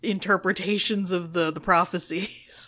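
A woman's voice: lowish voice, a little slow. A woman co-hosting a podcast, chatting casually and sarcastically as she recaps a TV episode, acting out the characters' lines. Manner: animated, sarcastic, quotes characters in little voices. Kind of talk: casual chat.

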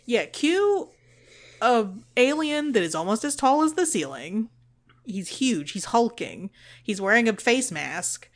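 A woman's voice: on the high side, big pitch swings, unhurried. A woman co-hosting a podcast, recapping an episode in casual, gushing chat and swearing freely. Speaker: podcast co-host.

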